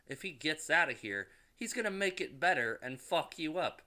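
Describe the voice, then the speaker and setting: A man's voice: on the high side, lively intonation, moderate pace, pushed and bright. A man casually recapping a movie in rambling, profane talk with frequent restarts. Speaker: movie reviewer.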